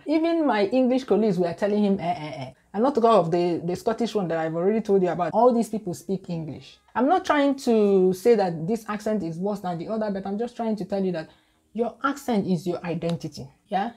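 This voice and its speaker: Chatty Nigerian woman, mellow voice. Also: mid-range voice, expressive, fairly quick. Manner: chatty, repeats and restarts words. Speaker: YouTuber. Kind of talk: casual talk to camera.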